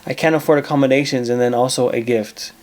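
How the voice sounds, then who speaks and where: A man's voice: mid-range voice, steady tone, quick pace, background noise. Man, mid-range voice, advice show host, casual monologue, blunt, profane, repeats phrases.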